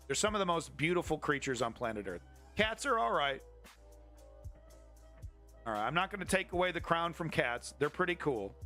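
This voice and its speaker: A man riffing through a news stream, opinionated and profane, with a bright, forceful voice set a bit high. He rambles from point to point as faint music plays under him. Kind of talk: casual news commentary.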